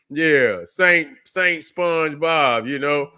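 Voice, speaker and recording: A man's voice: a little high, measured pace, bright, forceful tone, clear, resonant tone. A man hosting a livestream, loose and profane, mocking, with many fillers and restarts. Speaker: livestream host. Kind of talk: casual ranting commentary.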